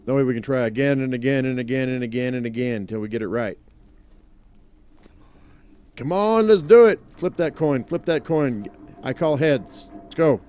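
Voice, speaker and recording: A man talks through a survival game as he plays, muttering plans to himself and joking with viewers. His voice is mellow and warm, sitting at an ordinary pitch. He breaks into playful exclamations when things go wrong. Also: brisk, a little hiss or hum. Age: adult, owns a dog. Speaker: let's play gamer. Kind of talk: casual gameplay commentary.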